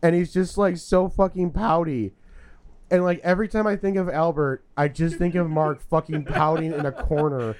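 A man's voice: a little high, steady tone, normal speed, a little mellow. A young man telling a profane, laughing story in casual chat with friends.

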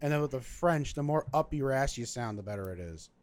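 A man's voice: mid-range voice, expressive, a little fast, no room sound. A man in a casual gaming chat, dropping dry wisecracks.

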